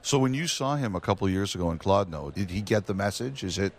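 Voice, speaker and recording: A man's voice: low voice, expressive, fast talker. A man co-hosting, asking short questions in casual chat.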